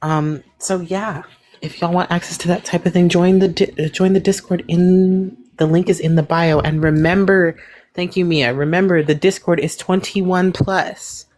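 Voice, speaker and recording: Woman moderator, friendly announcer, very low voice. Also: moderate pace. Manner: friendly, relaxed reminders to viewers. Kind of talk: casual announcements.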